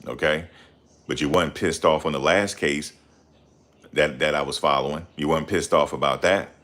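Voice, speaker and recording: A man hosting a casual livestream, reading viewer comments and ranting heatedly with loud outbursts and repeated phrases. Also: a bass voice, steady tone, normal speed. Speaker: livestream host.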